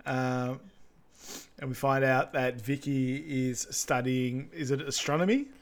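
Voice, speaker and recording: A man with an average-pitched voice walking through the plot of a film on a podcast. He talks in an easygoing way, with fillers and the odd laugh. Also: slow pace. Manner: relaxed storytelling, with fillers and laughs. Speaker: podcast co-host. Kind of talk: casual film recap chat.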